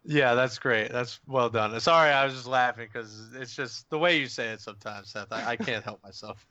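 A man's voice: medium pitch, normal speed, bright, forceful tone, no echo. A man co-hosting a casual podcast, chatty and agreeable, laughing easily. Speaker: podcast co-host. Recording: dull, dry lo-fi podcast audio.

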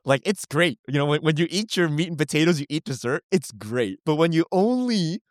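Opinionated man, slightly high voice, dry. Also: expressive, no echo. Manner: fast, opinionated, keeps asking "right?". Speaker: podcast co-host. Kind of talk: casual podcast chat.

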